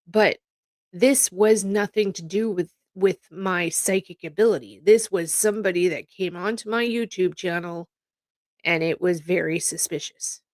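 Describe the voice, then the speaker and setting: A woman's voice: lowish voice, unhurried, darkish tone, no echo, studio quality. A middle-aged woman hosting a casual chat, blunt and exasperated, swearing freely. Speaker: psychic channel host.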